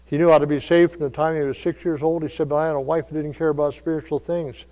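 A man preaching a sermon, telling stories in a folksy way that moves between quiet asides and loud calls. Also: a little high, little pitch movement, quick pace. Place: church. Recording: long reverb of a church hall.

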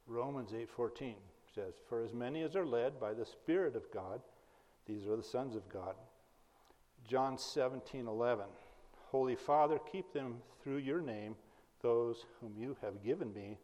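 A man's voice: medium pitch, a little slow, long pauses. A man from the Berkeley, California area giving an informal sermon, telling personal stories in a conversational, folksy way and chuckling at his own jokes. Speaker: preacher. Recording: long hall reverb.

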